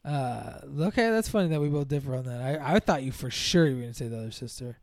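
A man's voice: medium pitch, lively intonation, quick pace, dry recording, studio quality. A man in casual chat recapping a film's plot, rambling with lots of fillers and acting out the characters' lines.

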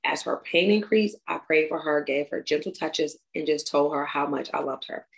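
Tearful young woman with a creaky voice. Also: low voice, rough recording. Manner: halting, emotional reading with restarts. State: tearful, crying. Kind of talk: reading a personal memorial tribute aloud.

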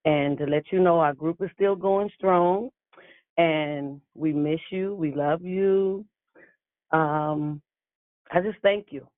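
Shy woman caller on a phone line. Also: low-pitched. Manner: shy, halting thanks. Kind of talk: testimony on a prayer call.

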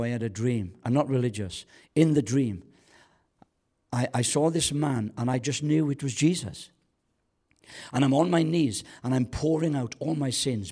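A man preaching a sermon in a church, swinging between loud calls to the congregation and quiet storytelling. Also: medium pitch, slightly rough. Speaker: pastor.

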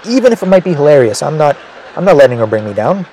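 A man's voice: a little high, big pitch swings, fast, warm tone, slight background noise. A male comedian telling a rambling, self-mocking story, with frequent "right?" asides.

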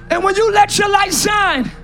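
Brief: male preacher, very high bright voice, shouts and jokes, big church, faint music under. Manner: high-energy, playful preaching, often shouting. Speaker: pastor. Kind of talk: sermon. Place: large church sanctuary.

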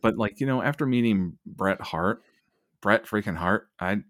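A man's voice: lowish voice, moderate pace, fairly bright tone, dry recording. A man co-hosting a podcast in casual chat, with wry, dry humor. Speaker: podcast co-host.

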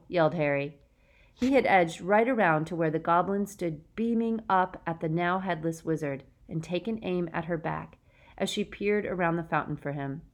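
A woman's voice: on the low side, moderate pace. A woman reading an audiobook in a dramatic, tense storytelling manner. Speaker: audiobook narrator. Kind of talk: scripted narration.

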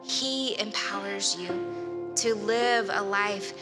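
A woman's voice: medium pitch, slow, over loud music. A woman preaching a sermon in an earnest, conversational way, with casual fillers. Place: church hall. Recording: long reverb of a church hall.

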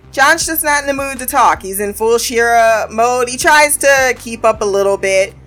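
A woman with a fairly high voice recaps a TV episode in loose, casual chat. She swears freely and keeps breaking into laughter. Faint music plays behind her. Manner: profane, animated, laughs often. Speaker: show reviewer.

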